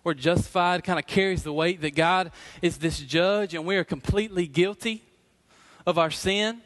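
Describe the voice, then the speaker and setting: A middle-aged man preaching a sermon as pastor, earnest and emphatic, slowing down to repeat key phrases. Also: high-pitched, a bit bright.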